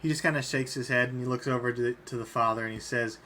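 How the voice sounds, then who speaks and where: A man's voice: medium pitch, fairly even intonation, quick pace, bright, forceful tone, slight background noise. A man narrating as game master in a tabletop role-playing game, easygoing and describing scenes with small fillers.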